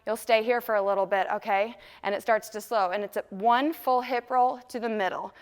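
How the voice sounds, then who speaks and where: A young woman leads a dance class, counting steps and calling moves in a lively, encouraging way. Her voice is smooth, clear and a little high. The studio adds a long ringing echo around her. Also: brisk. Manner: upbeat, counts moves aloud and sings lyric snippets. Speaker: dance instructor.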